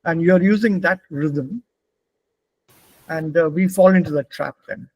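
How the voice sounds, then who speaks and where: Indian guy teaching german sounds, high voice, totally dry no room sound, repeats stuff slowly. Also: darkish tone, no room sound, dull audio. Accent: Indian English. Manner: patient, repeats words slowly for students. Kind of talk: online class teaching pronunciation.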